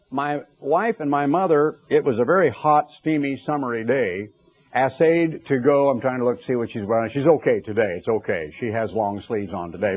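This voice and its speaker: A man's voice: medium pitch, darkish tone. A middle-aged man preaching a sermon, telling stories with conversational asides to the congregation.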